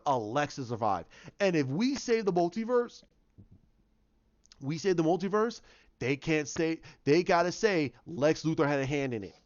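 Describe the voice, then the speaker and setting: A man reviewing a TV episode in a casual vlog, excitable and ranting, repeating himself as he makes his points. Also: on the high side, normal speed. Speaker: TV show reviewer. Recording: dull lo-fi sound.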